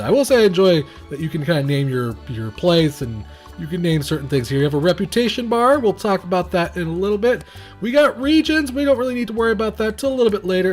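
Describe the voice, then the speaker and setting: A young man rambles through a game review in a loose, conversational way, full of fillers and restarts. His pitch sits a little high and swings widely as he talks, with faint music underneath. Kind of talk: casual gameplay commentary.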